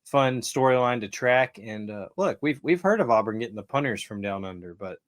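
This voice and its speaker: A man's voice: mid-range voice, expressive, fairly quick. A man co-hosting a casual sports podcast, teasing and joking in an easygoing way. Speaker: podcast co-host.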